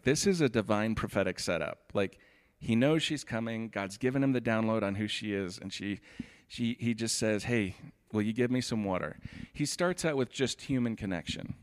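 A pastor giving a sermon. He reads scripture steadily, then explains it in a relaxed, chatty way, often saying "like". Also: lowish voice.

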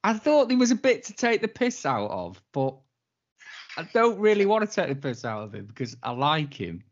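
A man's voice: a little high, big pitch swings, moderate pace. A man chatting casually on a podcast as a co-host, wry and laid-back, with some swearing. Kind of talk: casual chat. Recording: dull lo-fi sound.

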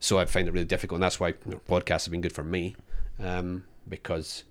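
A man's voice: deep voice, monotone, fast. A man co-hosting a podcast, talking casually with many restarts and fillers. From Australia. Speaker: podcast co-host.

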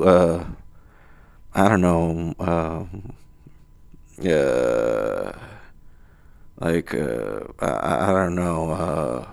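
A man's voice: lowish voice, gravelly, clear, resonant tone. A man from the Dominican Republic hosting a solo podcast, rambling and cursing while he mocks himself. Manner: rambling, profane, self-mocking. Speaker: podcast host. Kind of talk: casual solo monologue.

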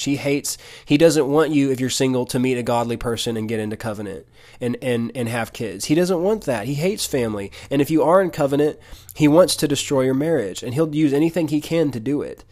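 A man's voice: mid-range voice, darkish tone. A man teaching from the Bible in an earnest, conversational way, often restarting and repeating words. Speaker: podcast preacher.

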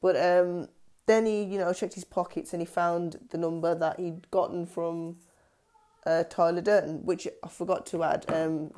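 A woman's voice: on the low side, steady tone, moderate pace, mellow. A woman casually retelling a film's plot, hesitant, with many ums and restarts. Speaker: film discussion vlogger.

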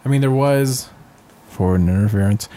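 A man's voice: fairly low pitch, moderate pace, warm tone. A man from the United States hosting a podcast, talking in a rambling, casual way with frequent laughs and restarts. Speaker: podcast host. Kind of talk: casual chat.

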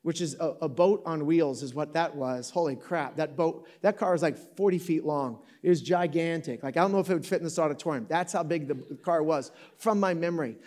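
A Michigan pastor in his fifties talks a little fast with hardly any pauses, his fairly high voice carrying a darkish tone. Telling a story to a live audience in an auditorium, he preaches casually, joking and self-correcting.

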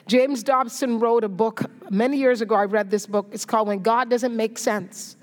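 A woman's voice: a little high, fairly even intonation, normal speed. A woman preacher giving a sermon, telling a story and encouraging her listeners in an earnest way. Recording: echoey hall reverb.

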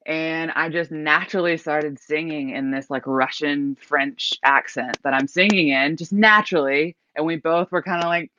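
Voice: mid-range voice, moderate pace, few pauses, background noise. A singer-songwriter guest telling a story in a casual interview, rambling with many likes and restarts. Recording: dull lo-fi recording.

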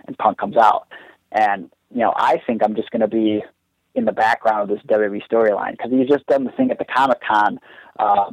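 A young man with a lowish voice tells a heartfelt story at length, circling back on himself with lots of "like" and "you know." The sound is dull and lo-fi, with a dry, close quality and no room around it. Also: darkish tone, no room sound. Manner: earnest, rambling, heavy use of "like". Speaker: guest wrestler. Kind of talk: casual storytelling.

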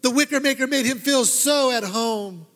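A preacher telling a parable to his congregation, his voice high for a man. He swings from loud to hushed, and every line rolls through a long hall reverb. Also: normal speed. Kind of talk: storytelling sermon.

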